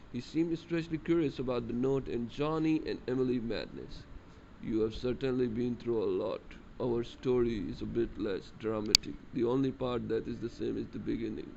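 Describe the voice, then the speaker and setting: A man reading a story game's text aloud in a plain, steady delivery. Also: medium pitch, fairly quick, vocal fry, muffled recording, slight background noise. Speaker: gamer reading a visual novel aloud.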